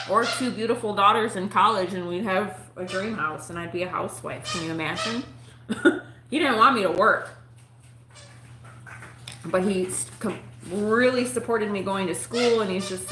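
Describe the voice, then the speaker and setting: A woman's voice: mid-range voice, reverberant, background noise. A woman vlogger telling a personal story straight to her viewers, frank and profane, laughing often.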